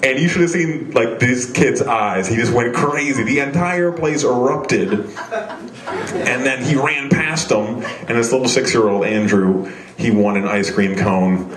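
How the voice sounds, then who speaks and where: A man's voice: mid-range voice, unhurried, crowd noise. Casual young guy doing stand-up, rambly self-deprecating bits, echoey small venue. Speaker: stand-up comedian. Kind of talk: live stand-up set. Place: small comedy venue stage.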